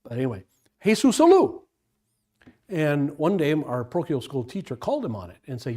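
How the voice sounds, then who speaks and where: An older male pastor teaching a casual Bible study, wandering from point to point and restarting his sentences often. His voice sits a little on the high side for a man. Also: big pitch swings, fairly quick, warm tone. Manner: rambling, digressive, many restarts.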